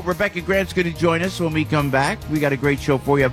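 A man's voice: on the high side, fairly even intonation, moderate pace, soft background music. A talk radio host, an older man, chatting in a rambling, upbeat way full of fillers and restarts. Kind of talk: casual radio talk and live ad read.

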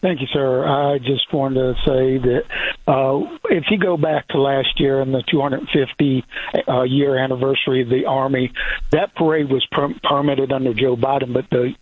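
Husky male caller over a tinny phone. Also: medium pitch, steady tone, normal speed, no echo. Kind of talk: call-in radio talk.

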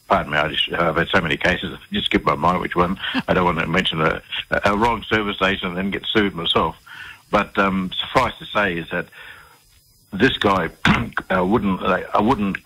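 Deep, husky Australian man. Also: pushed and bright, low-quality recording. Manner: acts out dialogue, repeats words while searching for them. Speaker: interview guest. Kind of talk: conversational storytelling interview.

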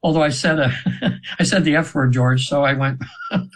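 A man's voice: a little high, steady tone, fairly quick, poor audio. A man in his seventies, a radio show guest, telling a long personal story in a rambling way, with many restarts and fillers. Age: 70s. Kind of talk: casual storytelling interview.

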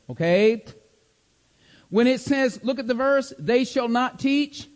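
Male preacher, high voice, emphatic Bible teaching, reverberant hall. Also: takes it slowly, long pauses. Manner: emphatic, repeats phrases, checks in with "okay?". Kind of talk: sermon-style Bible teaching.

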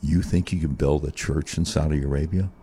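A man hosting talk radio, delivering a monologue that swings from a low grumble to high mocking tones. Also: steady tone, fairly quick, warm tone, slightly rough.

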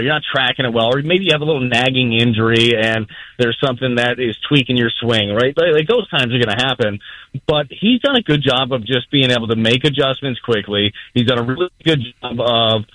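A man talking on sports radio as a guest baseball analyst, energetic and conversational. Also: mid-range voice, a little fast, dry recording, low-quality recording. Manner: energetic, conversational, fluent breakdowns.

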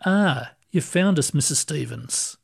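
A kindly old ghost who soothes and explains with patience, as a man reads him aloud. The voice sits a touch high and moves slowly, with an unhurried, gentle calm. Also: vocal fry, slightly rough, heavily acted. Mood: reassuring. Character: kindly older male ghost, calm and reassuring.

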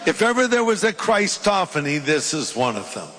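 A middle-aged male pastor preaches and reads scripture with emphatic, dramatic delivery. His voice sits a little high for a man. A long reverb trails each phrase, as in a large church sanctuary. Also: sing-song, normal speed, a bit bright. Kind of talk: sermon with scripture reading.

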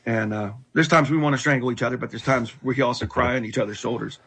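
A middle-aged man earnestly telling his life story in conversation, halting and restarting often. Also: medium pitch, fairly even intonation, fairly bright tone, breathy edge. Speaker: guest telling his testimony.

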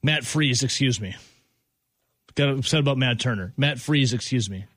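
A man's voice: medium pitch, normal speed, a bit bright, no echo. A male sports talk host in an exasperated rant, hammering the same point over and over. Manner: exasperated, repeats points with emphasis.

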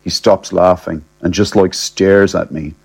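A man telling a comic first-person story in a cheeky, deadpan, slangy way. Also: sits low, unhurried, creaky, breathy edge.

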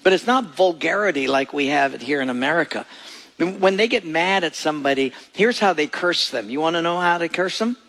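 A man preaching a sermon as pastor, storytelling and acting out voices in his anecdotes, with a gravelly voice. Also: a little high, expressive, fairly quick, a bit bright. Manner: storytelling, acts out voices in quoted jokes. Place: church sanctuary. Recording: long reverb of a large hall.

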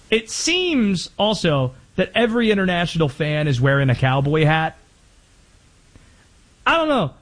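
A man hosting sports talk radio, energetic and opinionated, talking in quick bursts. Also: a little high.

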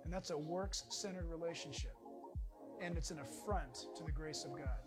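A middle-aged man preaching a sermon as pastor, animated and emphatic, with rising emphasis. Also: on the high side, normal speed, over loud music.

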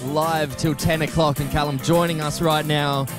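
An Australian man hosts live breakfast radio from an outdoor event, brisk and upbeat as he keeps things moving. His voice sits a little high for a man. Music plays clearly underneath him. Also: level tone. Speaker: radio host.

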